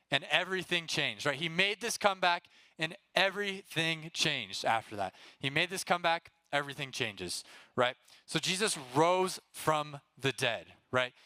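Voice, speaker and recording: A young man teaching a Bible lesson to students, casual and energetic, who keeps checking in with "right?". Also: a little high, no echo. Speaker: youth pastor.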